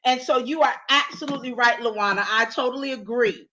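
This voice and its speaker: A woman's voice: on the high side, a little fast, muffled recording. A woman hosting a live online counseling talk as a Christian counselor, speaking earnestly and often restarting her words. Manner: earnest, repeats and restarts words, warm emphatic preaching tone. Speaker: Christian counselor and show host.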